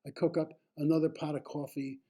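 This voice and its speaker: A man reading his own memoir aloud, slow and deliberate in the first person. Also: fairly high pitch, little pitch movement, mellow.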